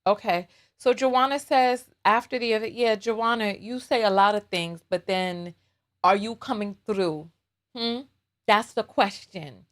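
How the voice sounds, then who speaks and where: A woman's voice: mid-range voice, measured pace, fairly bright tone. A woman hosting a casual live stream while doing her makeup, teasing viewers in a playful, dramatic way.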